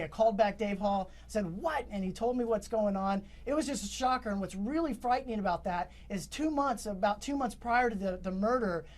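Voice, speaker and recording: Male interview guest, high-ish voice, rambling storyteller with frequent restarts. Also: a little mellow. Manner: rambling, full of restarts and fillers. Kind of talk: recounting events in an interview.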